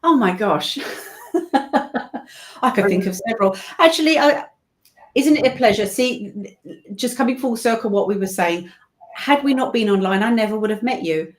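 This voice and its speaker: A woman's voice: a little high, expressive, normal speed, long pauses. A British woman who works as a voice-over narrator, chatting as a guest in a casual interview, talking in long rambling stories full of asides. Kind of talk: casual video-call interview.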